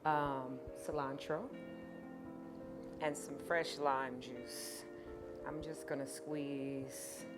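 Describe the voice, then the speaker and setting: A woman's voice: very deep voice, flat delivery, extremely slow, pauses often. A woman hosting a home cooking tutorial, chatting playfully and speaking straight to her viewers. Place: home kitchen. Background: music.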